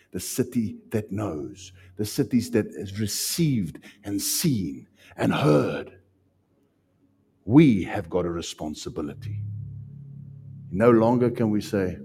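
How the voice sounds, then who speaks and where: A man with a South African accent preaching a sermon as pastor, emphatic and repetitive, with sudden loud rises. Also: lowish voice, slightly rough.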